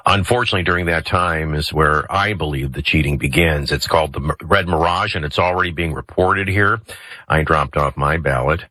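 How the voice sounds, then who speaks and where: An earnest male field reporter with a lowered, husky voice, as a radio host puts him on. He delivers his report in a measured, matter-of-fact way and sounds suspicious of cheating. The recording is dry and close. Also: bright, forceful tone, no room sound, full character voice.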